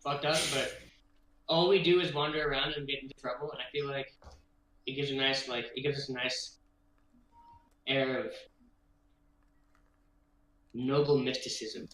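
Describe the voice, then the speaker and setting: A man's voice: mid-range voice, fairly even intonation, moderate pace, pauses often, a bit bright, very echoey, far from the mic, slight background noise, poor audio. A man playing a tabletop game with friends, trading jokes in casual chat. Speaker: player.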